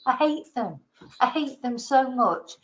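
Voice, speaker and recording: A woman's voice: sits high, animated, unhurried, low-quality recording. A woman from Britain, a vlogger, delivering an indignant, heated political rant with some swearing.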